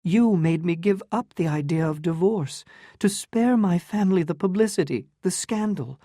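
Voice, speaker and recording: A woman's voice: on the low side, normal speed, mellow, no room sound, studio quality, voice pushed up, close to an everyday voice. A narrator voicing a proud, wounded young woman in love, pleading and emotional in a storybook reading.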